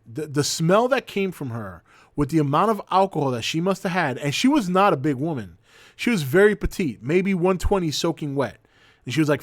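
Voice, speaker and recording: A man in his forties hosting a livestream, telling an anecdote in a casual, profane, animated way. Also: on the high side, dry recording, studio quality. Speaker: host.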